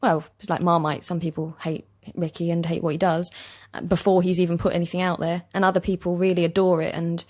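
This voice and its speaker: A young woman with a soft East London accent, an actor chatting in an interview, laughing easily and self-deprecating. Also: fairly low pitch, flat delivery, fast, hardly any pauses. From East London, England. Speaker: actor guest. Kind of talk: casual interview chat. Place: basement recording studio.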